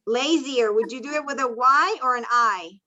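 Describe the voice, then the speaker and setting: Over muffled, low-quality video call sound, a woman with a slightly high, sharp voice teaches English at a moderate pace. She calls on students patiently and offers encouraging explanations, switching between English and Spanish.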